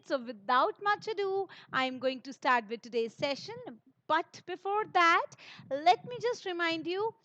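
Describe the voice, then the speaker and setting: A woman's voice: very high voice, bright, forceful tone. A woman with an Indian English accent, teaching an online lesson and speaking to her students in an upbeat, encouraging way. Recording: dull lo-fi recording.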